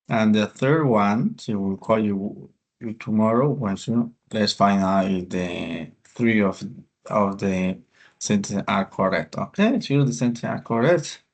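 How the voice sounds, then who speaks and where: A man explaining grammar exercises in an online class, speaking haltingly with restarts and hesitant fillers. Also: on the low side. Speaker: class presenter.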